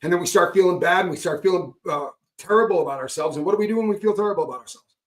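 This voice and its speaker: Speaking very fast in a voice that sits high, this middle-aged man talks frankly about recovery as a guest speaker. The talk is candid and conversational, and he's emphatic, frequently ending points with "right?".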